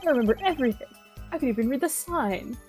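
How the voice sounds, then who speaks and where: A woman's voice: sits high, expressive, fast talker, darkish tone, voice pushed up. A woman voicing a pompous young male college student witness with a smug, boastful way of talking, over game music.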